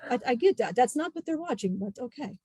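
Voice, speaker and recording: A woman's voice: a little high, animated, fast, warm tone, husky, dry recording, pitched below the performer's own voice. Woman channeling a jovial ancient spirit teacher. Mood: warm jokey. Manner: rambling, joking sermon-like advice.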